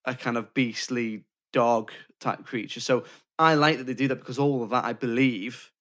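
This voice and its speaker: A man's voice: medium pitch, steady tone, moderate pace, a bit bright. A man co-hosting a podcast, talking through films in a thoughtful, list-building way. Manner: thoughtful, builds points in lists. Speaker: podcast co-host. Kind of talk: casual film discussion.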